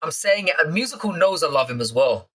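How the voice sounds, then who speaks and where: A young man from London talks off the cuff to his live chat, swearing freely and ribbing the regulars. His tone is bright and forward, with a casual, unscripted flow. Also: fairly high pitch, sing-song, fast. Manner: crude, swearing, teasing chat readers. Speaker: live stream host.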